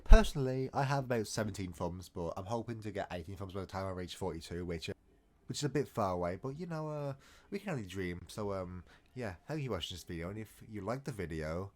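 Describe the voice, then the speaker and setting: A young man tells a story in a loose, rambling way and keeps breaking off into self-mocking jokes. His voice sits low and deep. He talks as if to friends, casual and unscripted. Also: expressive, fast, a little mellow. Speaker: storytime vlogger.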